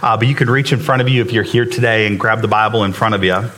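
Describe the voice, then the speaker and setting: A man's voice: fairly low pitch, steady tone, fast, pushed and bright. A man preaching to a church congregation in a casual, off-the-cuff way, with many fillers and restarts, and he becomes emotional while telling a story. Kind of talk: sermon. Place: church sanctuary with live congregation.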